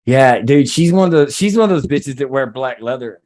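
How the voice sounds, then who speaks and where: A man's voice: mid-range voice, animated, normal speed, darkish tone. A man co-hosting a comedy podcast, boisterous and crude, laughing often. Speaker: podcast co-host.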